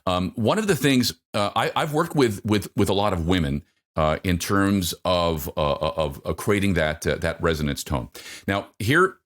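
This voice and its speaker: A middle-aged man with a very deep voice, speaking as a voice coach in an interview. He talks haltingly and keeps circling back with fillers and repeated words as he explains. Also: expressive, a bit bright. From North America. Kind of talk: interview answers.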